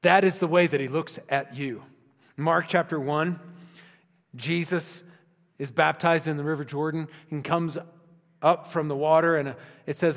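A male pastor preaches in a relaxed, conversational way, sometimes sinking to a hushed, intimate register. His voice sits slightly high for a man. A long reverb from a large hall follows each phrase. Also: measured pace, vocal fry, pauses often. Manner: conversational preaching, dropping to soft intimate tones. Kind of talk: sermon.

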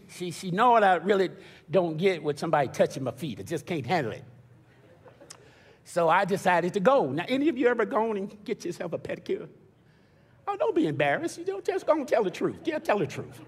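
Older male pastor, husky and high-voiced, storytelling sermon that climbs to shouting, heard in a reverberant sanctuary. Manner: storytelling with stammered restarts, building to shouted preaching. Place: church sanctuary. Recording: long church reverb.

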